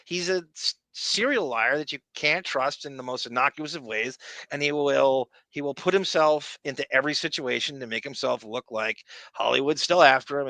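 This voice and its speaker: A man's voice: on the high side, pushed and bright, dry recording. A man co-hosting a podcast, talking in a blunt, rambling, profane casual way. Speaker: podcast co-host.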